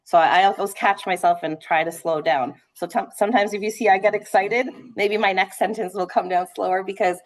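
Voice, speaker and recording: A woman real estate trainer leading a live sales training session, talking fast and animated, checking in with "right?" as she goes. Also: mid-range voice. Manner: conversational, frequent "right?" checks.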